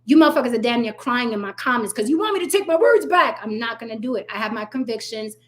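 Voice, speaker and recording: A woman's voice: fairly high pitch, expressive, fast, a bit bright. A woman hosting her own commentary channel, ranting bluntly and sarcastically, swearing freely and talking straight to her viewers.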